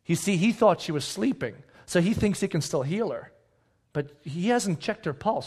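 A middle-aged man preaching a sermon, telling the story animatedly and acting out the people in it, with sudden quiet asides. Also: high voice, moderate pace. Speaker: pastor.

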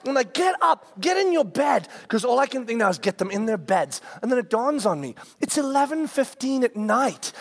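High-voiced man telling a lively sermon story. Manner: animated, acts out scenes with quoted voices; self-deprecating humor.

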